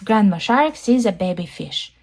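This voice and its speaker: A woman reading a storybook aloud to children, gentle and friendly in a sing-song way. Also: medium pitch, animated, moderate pace. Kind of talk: children's read-aloud narration.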